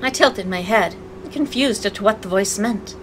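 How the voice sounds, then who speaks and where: A woman's voice: medium pitch, normal speed, a little hiss or hum, low-quality recording. A woman narrating a visual novel aloud as a let's play, breaking in with sarcastic, playful asides. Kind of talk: reading game text aloud with commentary.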